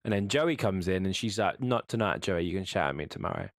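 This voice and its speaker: A man with a fairly low voice talking casually on a podcast, often stopping and restarting his sentences. The recording is dry and close. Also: expressive, no room sound. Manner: halting, many restarts. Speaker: podcast co-host. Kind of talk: casual chat.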